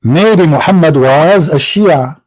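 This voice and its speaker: Taunting high-voiced man. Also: slow pace, darkish tone, rough recording. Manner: taunting, repetitive rhetorical questions. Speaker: debate show host. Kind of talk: heated religious debate monologue.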